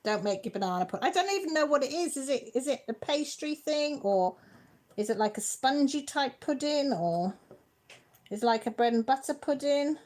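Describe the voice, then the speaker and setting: A woman from Britain hosting a casual live chat from home. She reads viewer comments aloud in a playful, easily excited way. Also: high voice, normal speed. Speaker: livestream host.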